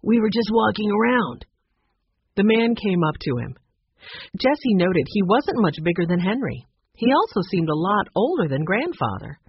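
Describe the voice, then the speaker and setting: Husky-voiced woman reading a children's book. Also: fairly low pitch, normal speed. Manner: expressive, varies voices for characters. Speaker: audiobook narrator. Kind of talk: children's audiobook narration. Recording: dry, slightly dull recording.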